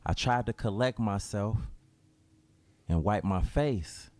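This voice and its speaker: A man's voice: fairly low pitch, takes it slowly, a little mellow. A young man narrating a personal storytime in slangy, laid-back speech.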